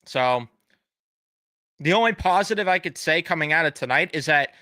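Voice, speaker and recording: A man's voice: on the high side, lively intonation, normal speed, sharp tone, no echo. A young man live streaming as a fan, ranting casually with blunt swearing and sarcastic mock apologies.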